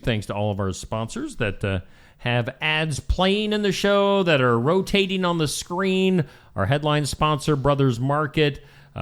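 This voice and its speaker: A man runs a live morning show and reads strange news items. His voice sits a little high and bounces all over its range. He reads with a wry, joking edge. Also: fairly bright tone, clean tone. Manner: wry, playful, with quick put-on accents. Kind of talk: casual news banter.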